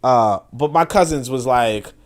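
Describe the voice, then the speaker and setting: A man hosting a podcast, giving animated, profane, casual political commentary and often repeating words as he restarts sentences. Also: medium pitch, measured pace. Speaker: podcast host.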